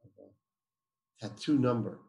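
A man's voice: mid-range voice, slow, a little mellow. A man, a guest telling a personal story emphatically and acting out the dialogue. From Israel. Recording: roomy echo.

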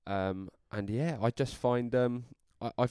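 A man's voice: mid-range voice, a little slow, warm tone, clean tone, dry recording. Young male podcast co-host, hungover, hesitant and teasing, dry close recording. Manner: teasing, hesitant, repeats himself. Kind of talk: casual chat.

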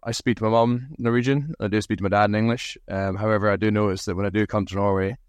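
Scottish man with a low, smooth voice. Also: fairly even intonation, quick pace, no echo. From Aberdeen, Scotland. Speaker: podcast guest, rugby team captain. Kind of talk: casual interview storytelling.

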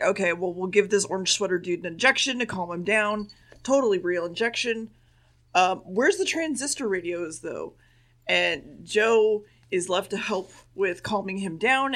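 A woman's voice: fairly low pitch, fairly bright tone. A woman co-hosting a podcast, casually recapping a show with blunt, sarcastic asides. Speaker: podcast co-host.

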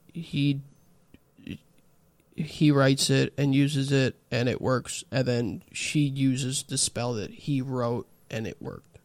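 A man casually recapping a show episode with friends, with a relaxed, laid-back delivery full of "yep" and "uh". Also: medium pitch, no room sound. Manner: relaxed, summarizing with frequent "yep" and "uh". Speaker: podcast host recapping an episode. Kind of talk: casual chat.

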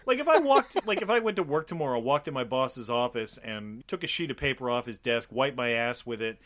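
A man's voice: mid-range voice, fairly quick. A man co-hosting a podcast, riffing on a movie in casual profane chat and acting out mocking quotes. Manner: animated, swears a lot, acts out mocking quotes. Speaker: podcast co-host.

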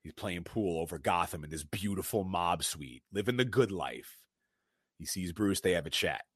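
Deep-voiced male podcast co-host, casual movie recap, quotes the characters with some flair, dry close mic. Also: normal speed, breathy edge, no room sound. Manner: animated retelling, quoting characters.

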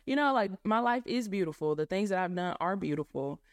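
A young woman, a guest on a faith podcast, speaking reflectively and often pausing to find her words. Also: mid-range voice, lively intonation, no room sound, clean studio sound. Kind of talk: casual faith podcast chat.

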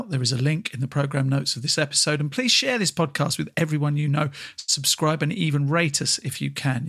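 A male podcast host interviews a guest and reads out the announcements. He has a mid-range voice and a brisk, friendly presenter's manner. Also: mid-range voice, creaky, fairly bright tone. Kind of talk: interview hosting.

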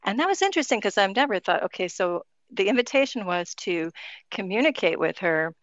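A woman's voice: mid-range voice, big pitch swings, brisk, no room sound. Chatty woman guest, muffled dry audio. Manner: chatty and spiritual, laughs often, many "like" fillers. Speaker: podcast guest. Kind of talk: casual conversation.

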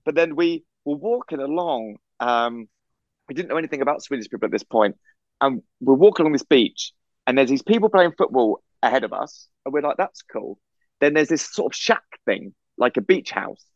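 A man from England, co-hosting a podcast, telling a story in a casual, animated way over a video call. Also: mid-range voice, a little fast, no room sound, highs cut off. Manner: animated storyteller, acts out quoted voices. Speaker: podcast co-host.

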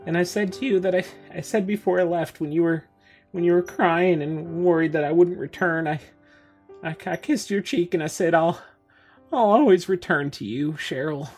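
A woman speaks in character during a tabletop game. Her voice sits somewhat low, and she rambles, stumbles and giggles. Faint music plays behind her. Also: steady tone, normal speed, darkish tone. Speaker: player. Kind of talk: in-character tabletop role-play.

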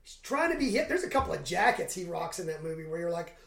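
A woman's voice: lowish voice, big pitch swings, fast talker. A woman co-hosting a casual movie recap podcast, sarcastic and jokey. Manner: sarcastic, jokey, slips into mock voices. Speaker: podcast co-host. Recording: roomy echo.

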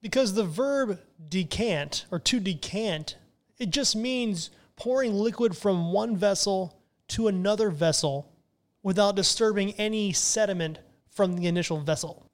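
High-voiced, chatty male wine host. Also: unhurried. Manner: enthusiastic and chatty. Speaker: podcast host and wine educator. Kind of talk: casual explanatory podcast lesson.

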